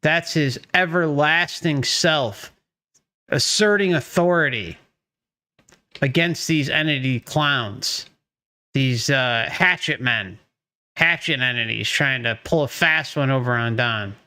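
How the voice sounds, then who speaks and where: Host guy commenting on a clip, talks slow and emphatic, cheers the speaker on. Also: medium pitch, pushed and bright. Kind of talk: video commentary.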